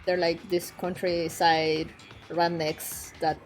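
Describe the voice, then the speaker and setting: A young woman streaming and chatting casually, frank and quick to swear, laughing often. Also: fairly low pitch, flat delivery. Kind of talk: casual chat. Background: faint background music.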